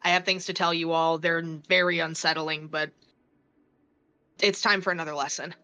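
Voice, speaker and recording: A woman playing a serious female warrior-teacher who speaks in a measured, grave way. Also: deep voice, flat delivery, pushed and bright, dry recording. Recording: slightly dull, lo-fi sound.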